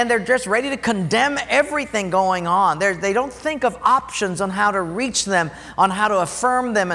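Male pastor, high bright voice, lively storytelling sermon, long hall reverb. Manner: animated storytelling, acts out dialogue.

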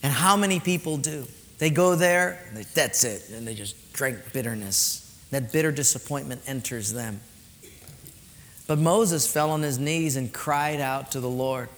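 A man preaching a sermon, animated, swinging from loud storytelling to soft, quiet points. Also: mid-range voice, a little slow. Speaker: pastor. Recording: long hall reverb.

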